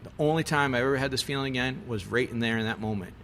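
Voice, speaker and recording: Man, chef, podcast guest, casual storytelling, swearing, lots of fillers, mid pitch, faint background noise. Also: fast talker. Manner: animated, profane storytelling with many fillers.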